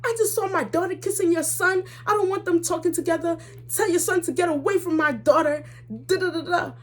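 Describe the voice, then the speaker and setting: A young woman imitating her strict, angry middle-aged mother, who fires off shrill, demanding orders. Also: steady tone, fairly quick. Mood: indignant.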